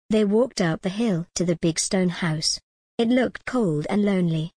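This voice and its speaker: A woman narrating a simple storybook in a plain, measured way. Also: medium pitch, a little mellow, husky, no room sound, clean studio sound.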